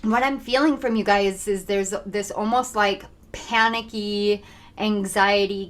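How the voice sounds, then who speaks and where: A young woman giving a channeled tarot reading to her viewers, talking fast, intense and earnest. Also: mid-range voice, a bit bright. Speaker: tarot reader.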